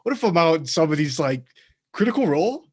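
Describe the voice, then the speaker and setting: A man's voice: a little high, sing-song, fast talker, a little mellow, slightly rough. A man hosting a podcast, telling rambling, easygoing stories in casual chat. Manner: rambling storyteller, easygoing, laughs along. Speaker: podcast host.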